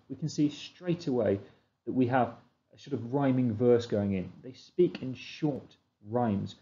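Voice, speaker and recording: Dark-voiced man teaching a revision lesson. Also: medium pitch, muffled recording. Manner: explanatory, asks and answers his own questions.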